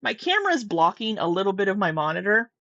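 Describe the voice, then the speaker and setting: A woman's voice: mid-range voice, big pitch swings, fast talker, bright, forceful tone, no room sound, highs cut off. A woman from Southwest Missouri with a Midwestern American accent, rambling casually through reaction commentary, with restarts and swearing. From Southwest Missouri, USA. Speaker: commentary vlogger. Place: home room at her desk. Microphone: camera mic close up.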